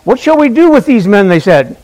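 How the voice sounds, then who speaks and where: Lively, high-voiced male preacher. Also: fairly quick, rough recording. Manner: conversational, asks the congregation questions; tells a personal story with humor. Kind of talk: Easter sermon.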